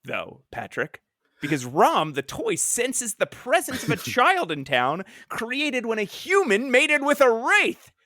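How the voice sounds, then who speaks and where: A man co-hosting a casual podcast, his pitch bouncing all over as he jokes through a recap. He sits close to a dry, deadened mic. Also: wildly swooping pitch, slow pace, pushed and bright, no room sound. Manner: jokey, does mock-villain voices in recaps. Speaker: podcast co-host. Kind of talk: casual comic-book podcast chat.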